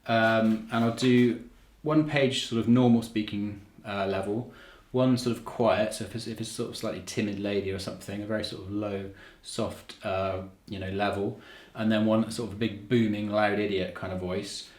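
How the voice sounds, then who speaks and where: A man's voice: fairly low pitch, fairly even intonation, normal speed, darkish tone. A man casually talking through a microphone test, self-deprecating and rambling, with plenty of fillers and restarts. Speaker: video maker testing microphones. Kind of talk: casual, unscripted equipment walkthrough. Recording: roomy, echoey indoor recording.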